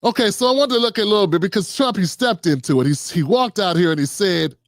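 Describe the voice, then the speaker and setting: A man's voice: high voice, lively intonation, fast, no room sound, studio quality. A man hosting a livestream of political commentary, reading out notes and reacting with heated sarcasm. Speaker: livestream host.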